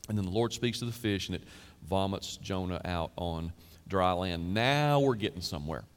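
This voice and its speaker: A man in his fifties, a pastor, preaching a sermon in a chatty, storytelling way with quick asides. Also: low-pitched, lively intonation, in a large hall. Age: 50s.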